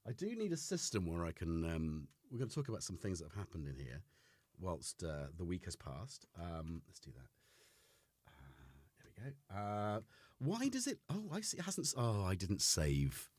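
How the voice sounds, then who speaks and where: A man's voice: low-pitched, no echo. A man hosting a casual livestream from a home studio, rambling and self-deprecating as he greets his chat by name. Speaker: livestream host.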